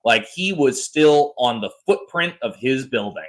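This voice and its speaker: Animated storytelling podcast guy. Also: mid-range voice, unhurried, rough recording. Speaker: podcast co-host. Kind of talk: casual storytelling chat.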